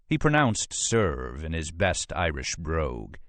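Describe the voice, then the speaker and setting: A man narrating an audiobook in a measured storytelling manner. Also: very deep voice, wildly swooping pitch, fairly bright tone, no room sound. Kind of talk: scripted narration.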